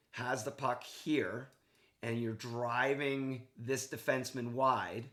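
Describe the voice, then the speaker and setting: A male hockey coach talks through game film in an easy, excited voice-over. He keeps it casual and checks in often with "okay" and "right". His pitch sits in an ordinary middle range. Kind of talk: video game analysis for a player.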